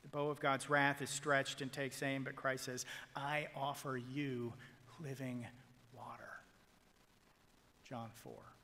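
A male pastor preaching a sermon, swinging from loud proclamation to hushed whispers as he retells a story and quotes people in it. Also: mid-range voice, level tone, slow pace, in a large hall. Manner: quotes figures in a retold story.

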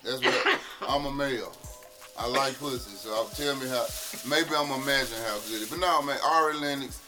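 A man's voice: medium pitch, fairly quick, music in the background. A man from Memphis telling loose, profane stories in a casual podcast chat. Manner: animated, loose, profane storytelling.

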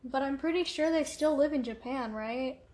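A woman's voice: high-pitched, normal speed, darkish tone, echoey room. A young woman chatting casually and rambling at home, distracted, with lots of fillers. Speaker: vlogger. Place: room at home.

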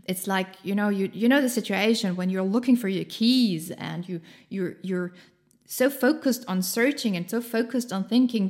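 A woman's voice: medium pitch, normal speed, darkish tone. A woman giving a casual motivational talk in an encouraging, chatty way, laughing often and using many fillers.

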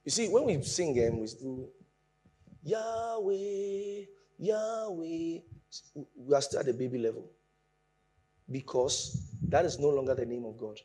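Here a preacher of medium pitch and normal speed, his voice carrying a breathy edge, explains his sermon with animated emphasis, moving from hushed asides to louder points.

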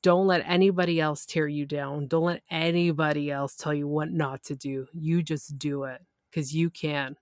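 A woman podcast host telling a personal story in a casual, animated way, full of exclamations. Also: low voice, normal speed, few pauses, dry recording, clean studio sound. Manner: animated, excitable retelling.

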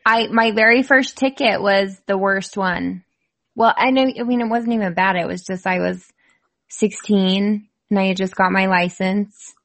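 A woman's voice: medium pitch, steady tone, unhurried, a bit bright. A woman in casual chat, telling a personal story in a hesitant, self-deprecating way. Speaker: guest.

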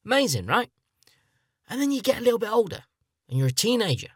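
A man's voice: high-pitched, big pitch swings, racing, slightly rough, no room sound, studio quality. A man, hosting a solo podcast in a rambling, self-mocking, chatty way. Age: 30s. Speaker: podcast host. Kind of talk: comedic solo podcast monologue.

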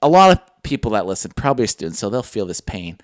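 A man's voice: lowish voice, big pitch swings, quick pace, no echo, studio quality. A young man, co-hosting a podcast in casual chat, telling stories with jokes and casual swearing. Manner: joking storyteller, swears casually. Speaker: podcast co-host.

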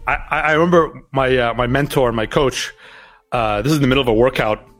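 A man's voice: mid-range voice, a little fast, soft background music. A man being interviewed on a podcast, telling stories in a loose, chatty way and acting out what others said. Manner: animated storyteller, acts out quoted voices. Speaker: podcast guest. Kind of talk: casual interview storytelling.

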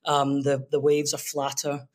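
A man's voice: medium pitch, completely flat delivery, a little slow, darkish tone. A Scottish man, a guest teacher, talking over a remote call in a friendly, easygoing, explanatory way. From Scotland. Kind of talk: casual interview chat.

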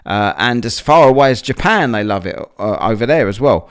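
A man's voice: medium pitch, expressive, moderate pace, few pauses, clear, resonant tone. A man hosting a casual solo podcast, rambling and chatty with lots of fillers, a bit out of breath after a workout. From England. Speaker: podcast host.

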